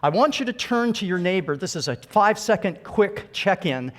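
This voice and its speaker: A man's voice: sits high, lively intonation, normal speed. Earnest man giving a motivational talk. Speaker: conference speaker. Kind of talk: keynote talk to a live audience.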